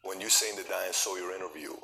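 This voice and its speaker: A man hosting an interview, asking probing, deliberate questions. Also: low voice, music in the background, rough recording. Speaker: interview host.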